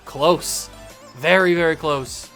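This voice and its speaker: Excitable man narrating a baseball video game. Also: fairly high pitch, soft background music. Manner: excitable, pleading with the game out loud, quick swings to yelling. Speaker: gaming channel host. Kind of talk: casual video game play-by-play commentary.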